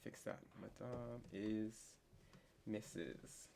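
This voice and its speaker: A young man teaching a casual online French lesson, chatty and full of fillers, slowing down to spell out words. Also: fairly low pitch, gravelly, dark tone, slight background noise.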